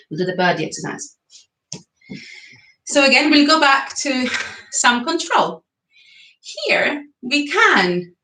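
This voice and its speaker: A woman's voice: medium pitch, a bit bright. A woman leading a guided singing and breathing class, chatty and encouraging, laughing between exercises. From England. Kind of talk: guided vocal exercise session. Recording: echoey room.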